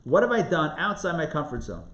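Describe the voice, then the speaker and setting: A man's voice: on the high side, big pitch swings, fairly quick, fairly bright tone. A man who is a rabbi teaching a live class, asking rhetorical questions and repeating phrases for emphasis. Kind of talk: live lecture on Jewish spiritual text. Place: lecture room in front of a live audience. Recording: roomy, somewhat dull live recording.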